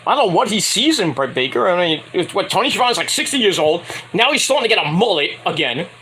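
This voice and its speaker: Man reviewing wrestling, high bright voice, lively pitch, rambling and crude, faint hiss. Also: fast. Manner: rambling, animated, acts out quotes in mock voices. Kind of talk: casual profane recap.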